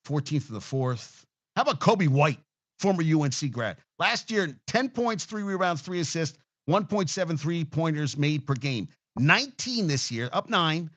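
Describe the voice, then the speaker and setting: A sports talk show host rants casually and heatedly, swearing a lot, rambling and restarting often. His voice is fairly high-pitched and a bit bright.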